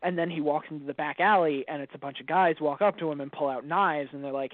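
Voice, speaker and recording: Man, podcast co-host, relaxed storyteller, slightly high voice, dry and tinny sound. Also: fast talker, no echo. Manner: relaxed storyteller, laughs easily. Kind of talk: casual chat.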